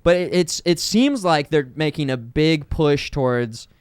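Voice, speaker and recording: Male podcast co-host, casual and excitable, very smooth clear voice, dry close sound. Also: fairly high pitch, measured pace, no room sound. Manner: rambling, excitable, lots of fillers. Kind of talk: casual chat.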